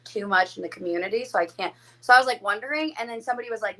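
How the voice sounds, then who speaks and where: A woman's voice: mid-range voice, very fast, poor audio. A woman guest on a podcast, telling stories in a playful, casual chat. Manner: playful, animated storyteller.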